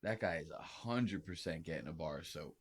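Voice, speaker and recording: Male podcast host, lively pitch, crude jokey commentary. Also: brisk, husky. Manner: crude, joking, animated storytelling. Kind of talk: casual commentary over clips.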